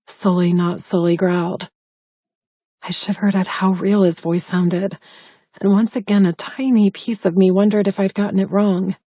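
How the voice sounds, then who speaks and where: A woman reads an audiobook aloud in the first person, close and intimate. Her voice is mellow and a little husky. The recording is dry with no room sound. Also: mid-range voice, little pitch movement, moderate pace, no room sound. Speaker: audiobook narrator.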